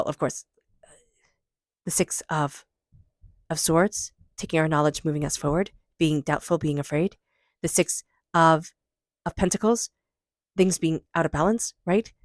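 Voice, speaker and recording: A woman's voice: low-pitched, no room sound, studio quality. A woman giving an intuitive tarot reading in an emotional, earnest and encouraging way. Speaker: tarot reader.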